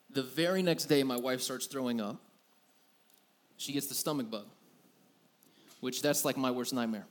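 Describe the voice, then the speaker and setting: A man in his thirties preaching to a room, telling a personal story in a candid, self-deprecating way with many fillers. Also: medium pitch. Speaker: youth pastor. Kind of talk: sermon.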